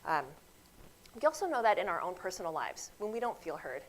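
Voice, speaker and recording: A woman's voice: fairly low pitch, a little fast, low-quality recording. A woman physician giving a grand rounds lecture, telling clinic stories and speaking straight to her audience. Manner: lively storytelling, acts out quoted voices; addresses audience directly.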